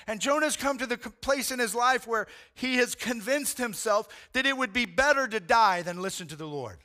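A pastor delivers a sermon in a high, bright, cutting voice, taking his time. He narrates the story with lively, casual slang and repeatedly calls his listeners "man."

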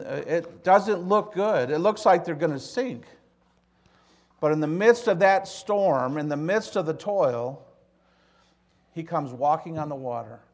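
A man preaching a sermon to his church, telling stories and swinging from loud emphasis to hushed, quiet lines. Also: on the high side. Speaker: pastor.

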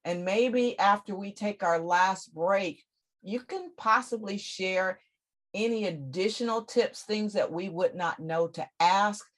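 A woman's voice: medium pitch, slow pace. A woman hosting an interview show, effusive and speaking straight to her listeners. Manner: effusive, addresses listeners directly. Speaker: host. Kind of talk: radio-style interview hosting.

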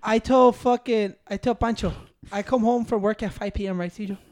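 Man, young adult, high-pitched, fast, blunt, swearing. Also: fairly even intonation, a little mellow. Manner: blunt, swears, mixes Spanish into English. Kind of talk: casual chat.

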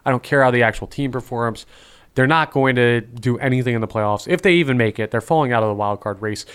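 A man's voice: mid-range voice, fast, fairly bright tone, clear, resonant tone. A man from North Carolina with a slight Southern accent, hosting a casual sports podcast and steering the talk. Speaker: podcast host. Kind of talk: casual chat.

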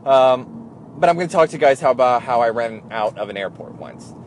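A man's voice: mid-range voice, animated, a little fast, a little hiss or hum. A young man, a former airline gate agent, tells a rambling work story in a casual way and plays the other people's lines. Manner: rambling, acts out others' voices in quotes.

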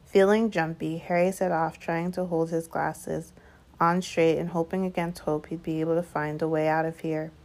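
Female audiobook reader; steady storytelling, low register, gravelly texture. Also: normal speed. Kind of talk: scripted narration.

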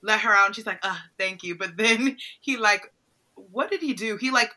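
A woman's voice: fairly high pitch, normal speed, pushed and bright, low-quality recording. A woman chatting casually on a podcast, recapping a horror film, laughing often and acting out the characters' lines. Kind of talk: casual movie recap chat.

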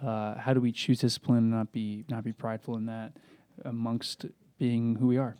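Playful young man with a mellow voice. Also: mid-range voice, flat delivery, normal speed, dry recording. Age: young adult. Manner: upbeat, playful, rambling. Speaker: podcast co-host. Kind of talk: casual chat.

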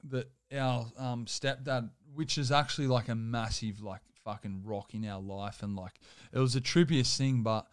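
A young man in his twenties, appearing as a guest, rambles through a personal story with lots of swearing and filler words. His clear, smooth mid-range voice holds fairly even intonation at a moderate pace with hardly any pauses. The recording is dry and close, with no room sound.

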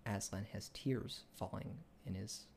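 A young man co-hosting a casual podcast, retelling a book in a rambling way with many restarts and fillers, and growing excited when he argues ideas. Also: lowish voice, measured pace, vocal fry, slight background noise. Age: young adult. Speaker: podcast co-host.

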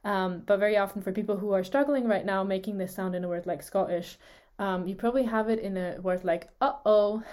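A woman's voice: mid-range voice, quick pace, few pauses, a little mellow. A woman, a native Swiss German speaker, co-hosting a podcast and explaining how consonants are made, demonstrating the sounds aloud and laughing often. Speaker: co-host explaining speech sounds. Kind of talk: podcast lesson, casual chat.

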